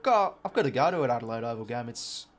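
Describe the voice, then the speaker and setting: An Australian man hosting a live watch-along, calling the play as it happens, getting excited on big plays and chatting to his viewers in between. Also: medium pitch, fast talker. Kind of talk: live play-by-play commentary over a match.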